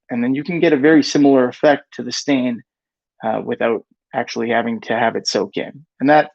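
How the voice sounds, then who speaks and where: A man hosts a casual live Q&A, reading viewer questions aloud from the chat and often correcting himself with "rather" as he answers. His medium-pitched voice is gravelly, with no room sound, and the highs are cut off.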